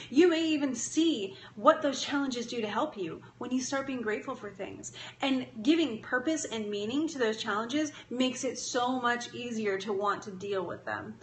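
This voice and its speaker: A young adult woman hosting a casual live stream, talking in an upbeat, encouraging way, chatting with viewers and laughing often. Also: a little high. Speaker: live-stream host giving daily affirmations. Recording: echoey room with faint ambient noise.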